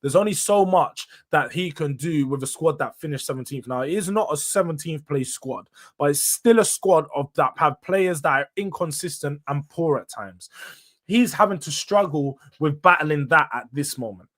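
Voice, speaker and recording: Blunt slangy football host. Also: male voice, a little high, lively intonation, a bit bright. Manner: blunt, opinionated, rapid rhetorical questions and answers. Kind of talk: casual solo match review.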